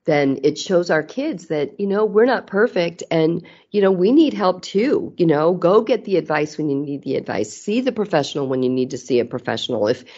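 A woman's voice: on the low side, expressive, normal speed, hardly any pauses, warm tone. A middle-aged woman talking candidly as a guest in a casual interview, earnest and often restarting her sentences. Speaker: podcast guest. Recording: slightly muffled audio.

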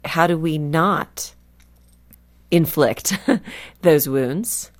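In a faith radio interview, a California woman appearing as a guest author talks with earnest reflection, deliberately slowing to emphasize important words. She has a low voice.

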